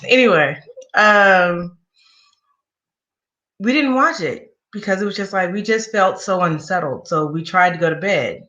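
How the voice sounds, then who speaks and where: A woman's voice: on the low side, animated, unhurried, bright, forceful tone, highs cut off. A woman in an interview recounting a personal story in a candid, conversational way with wry asides. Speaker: guest sharing a personal story.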